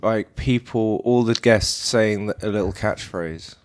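A man's voice: lowish voice, no echo. Englishman chatting, dry close sound. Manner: chatty, teasing, quick suggestions. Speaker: podcast guest. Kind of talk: casual chat.

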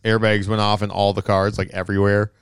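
A man's voice: on the low side, level tone, fairly quick, clean tone, dry recording. A young man co-hosting a casual podcast chat, telling rambling stories, swearing freely and laughing often. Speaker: podcast co-host.

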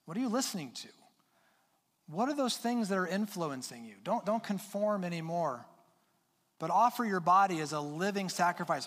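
Earnest pastor preaching in a reverberant hall. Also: male voice, high-pitched, a bit bright. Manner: earnest, urging, with emphatic pauses and repeated words. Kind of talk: sermon. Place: church sanctuary with long reverb.

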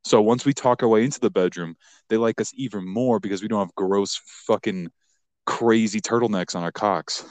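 Man, low voice, dry close sound, crude casual podcast banter, rambling, laughs a lot. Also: normal speed, a little mellow, no room sound. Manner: laughs often, rambling with many fillers. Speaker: podcast co-host.

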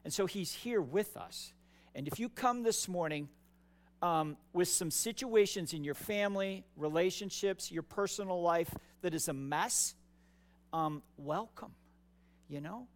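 High-voiced, unhurried male preacher. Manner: conversational and emphatic, repeats words. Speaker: pastor. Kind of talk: sermon.

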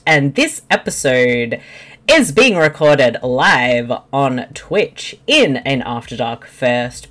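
A woman's voice: very deep voice, a bit bright. A woman hosting a podcast in playful, casual chat. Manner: playful, laughs easily. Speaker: podcast host.

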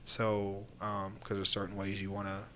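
A fairly low-pitched man chats loosely on a podcast about taking bumps in the ring. He rambles and restarts his sentences. A faint hiss of noise sits under his voice. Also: monotone, moderate pace, sharp tone. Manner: rambling, candid storytelling with fillers and restarts. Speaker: pro wrestler guest. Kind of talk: casual podcast chat.

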